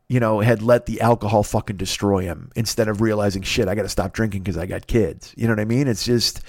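A man hosting a podcast, delivering a profane, incredulous comedic rant and mocking people in a high whiny voice. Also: darkish tone, no room sound, studio quality. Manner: heavy swearing, ranting, incredulous; mocks others in a high whiny voice. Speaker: podcast host.

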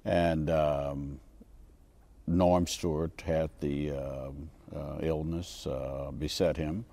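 An older man, a former basketball referee, recounting a game at a roundtable with many halting pauses. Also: rumbling low, fairly even intonation, vocal fry, mellow, dry recording.

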